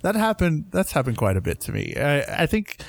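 A man's voice: medium pitch, big pitch swings, brisk, vocal fry, dry recording. A man co-hosting a podcast, chatting casually and laughing easily at his own awkwardness. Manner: self-deprecating, laughs easily. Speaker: podcast co-host. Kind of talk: casual chat.

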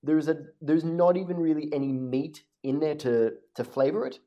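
A man running a tabletop game as game master, narrating in a relaxed way with dry, wry humour. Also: on the high side, normal speed, muffled recording.

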